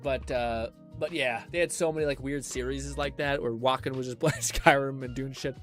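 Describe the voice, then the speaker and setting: A man's voice: mid-range voice, fairly even intonation, moderate pace, fairly bright tone, soft background music. A young man streamer giving casual, rambling reaction commentary, laughing and swearing often.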